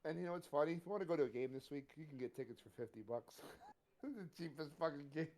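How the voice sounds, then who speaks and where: A man's voice: fairly high pitch, quick pace, darkish tone. Joking, profane podcast co-host man. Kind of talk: casual sports chat.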